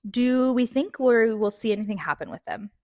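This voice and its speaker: A woman's voice: a little high, lively intonation, darkish tone, dry recording. A young woman co-hosting a podcast, chatting enthusiastically about a book on a close microphone. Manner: enthusiastic, quick to react. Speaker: podcast co-host. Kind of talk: casual book discussion chat.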